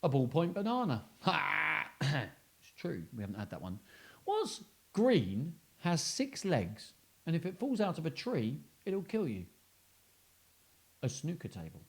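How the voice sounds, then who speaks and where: A man's voice: on the high side, huge pitch swings, a little slow, gravelly. A man hosting a children's story and joke show, talking in a playful, self-mocking way. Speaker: host.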